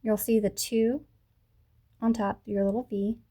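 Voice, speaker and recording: A woman teaching a beginner crochet lesson, talking patiently through each step and slowing down to repeat the moves. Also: on the high side, little pitch movement, warm tone. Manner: patient, talks through each step slowly, self-correcting. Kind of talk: tutorial instruction. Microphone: camera mic.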